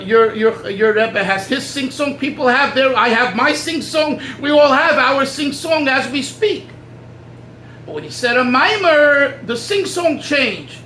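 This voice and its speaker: A man's voice: very high-pitched, fairly bright tone, slight background noise. A man, a rabbi, giving an informal talk to a group, conversational, with many restarts and asides. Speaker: rabbi teaching a class. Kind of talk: informal lecture at a gathering. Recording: echoey room with faint ambience.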